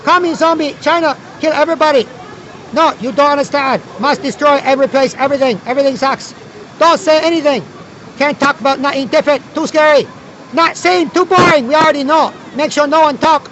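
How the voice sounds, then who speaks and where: A man's voice: very high voice, fairly quick, lo-fi sound, background noise, pitched above the performer's own voice. A man voicing a mocking, dogmatic male communist zombie who speaks clipped, broken English.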